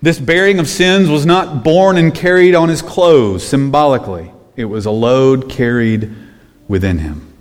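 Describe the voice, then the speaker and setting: Emphatic preacher man in a reverberant hall. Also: unhurried. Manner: emphatic, swings from hushed low phrases to loud raised ones. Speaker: pastor. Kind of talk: sermon.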